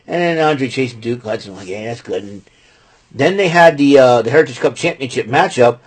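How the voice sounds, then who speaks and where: Male host, husky voice, loose rambling recap with lots of "uh" and "you know". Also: medium pitch, animated, a little fast. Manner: rambling, many fillers and restarts. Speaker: podcast host recapping wrestling. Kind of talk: casual spoken recap.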